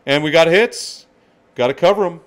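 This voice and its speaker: A man hosting a live card-break stream, excitedly calling out each card and greeting viewers by name. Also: a little high, moderate pace.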